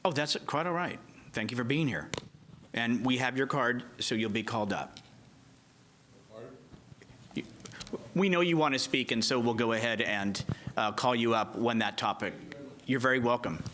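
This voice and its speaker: A man serving as mayor and chairing a city council meeting, polite and a little halting as he speaks. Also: mid-range voice, a bit bright, slight background noise. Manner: courteous, halting with fillers.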